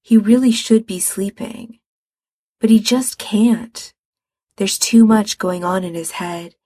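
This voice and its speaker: A woman reading fiction aloud in a calm, measured way. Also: mid-range voice, slightly rough, dry recording. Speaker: reader.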